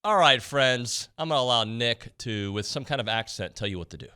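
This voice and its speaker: A man's voice: medium pitch, lively intonation, fairly quick, pushed and bright, clean tone. A man hosting a show in a casual, upbeat, teasing way. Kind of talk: casual chat.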